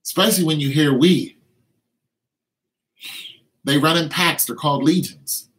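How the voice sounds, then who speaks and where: Emphatic preacher man, fairly high voice. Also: a little slow, fairly bright tone, low-quality recording. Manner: emphatic, repetitive, acts out tempting inner voices. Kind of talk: informal street sermon.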